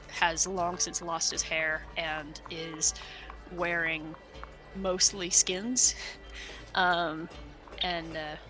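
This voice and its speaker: Woman game master, slow and bright, halting narration, soft music under it. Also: lowish voice. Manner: hesitant, many fillers, laughing.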